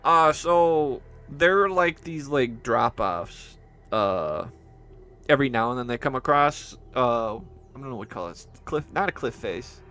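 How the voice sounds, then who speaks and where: A man's voice: medium pitch, animated, unhurried, pushed and bright, clean tone, faint music behind. A man running a tabletop game, narrating casually and rambling with lots of fillers and restarts. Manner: mutters to himself while searching notes. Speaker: game master.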